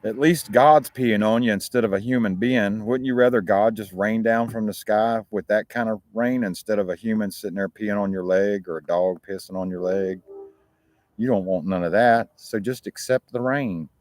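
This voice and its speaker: A man's voice: on the low side, moderate pace, darkish tone, dry recording. A man with an American accent, hosting a talk show and chatting casually to his viewers in a rambling, profane way. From United States.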